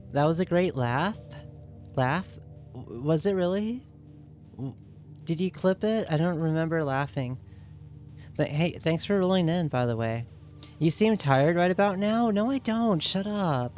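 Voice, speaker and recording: A woman's voice: deep voice, expressive, measured pace, a little mellow, soft background music. A woman streaming games and chatting casually with viewers, playful and teasing, often giggling.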